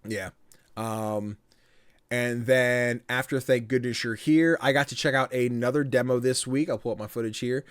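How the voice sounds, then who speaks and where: A man hosting a casual podcast, talking in an animated way, laughing often and acting out voices as he retells things. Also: mid-range voice, normal speed, clean tone, no echo, clean studio sound. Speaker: podcast host.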